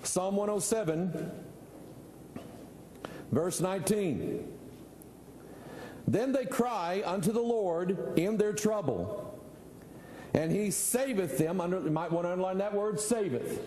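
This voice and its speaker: A man's voice: high-pitched, animated, slow, pauses often, mellow, reverberant, big-room sound, slight background noise, low-quality recording. A middle-aged male pastor, preaching a folksy, conversational sermon full of rhetorical questions.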